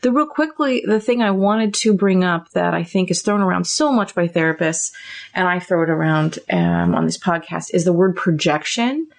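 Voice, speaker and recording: A woman's voice: normal speed, creaky. A middle-aged woman therapist hosting a podcast, explaining ideas casually and acting out little example dialogues. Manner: animated, acts out example dialogues with raised pitch.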